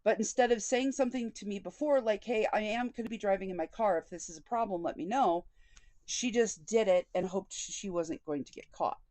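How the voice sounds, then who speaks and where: A vlogger tells a personal story candidly and indignantly, frequently quoting conversations. Her voice is mid-range, brisk, and dark-toned, with no room sound.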